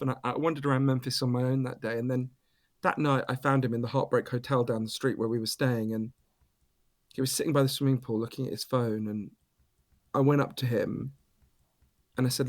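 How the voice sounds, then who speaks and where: A British man, an author being interviewed, telling stories in an animated, emphatic way and swearing casually. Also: medium pitch, brisk. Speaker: author and guest. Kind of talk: storytelling interview.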